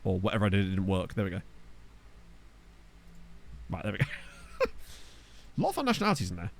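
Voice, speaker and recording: A man giving casual let's-play commentary at a desk microphone, chatty, swearing freely and laughing at his own jokes. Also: medium pitch. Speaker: gaming YouTuber. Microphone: desktop USB microphone.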